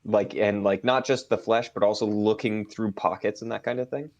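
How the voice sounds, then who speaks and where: A man narrating as game master, pausing often with ums and uhs. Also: fairly low pitch, fairly even intonation, lo-fi sound. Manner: hesitant, full of ums and uhs. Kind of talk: narrating a tabletop game stream.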